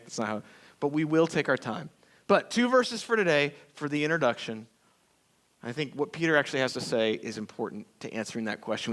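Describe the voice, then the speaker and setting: A man preaching a sermon as pastor, telling stories in a folksy, animated way with acted-out quotes. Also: medium pitch. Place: church sanctuary.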